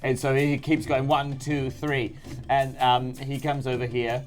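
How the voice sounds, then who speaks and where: A man's voice: medium pitch, flat delivery, unhurried, soft background music. A man narrating his character's turn as a player in a tabletop game, counting steps and hesitating. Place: studio.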